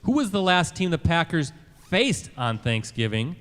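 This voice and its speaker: A man's voice: a little high, moderate pace. Guy hosting a live sports show, upbeat, echoey venue with long reverb. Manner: energetic, upbeat. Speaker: host. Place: club room at a live show event.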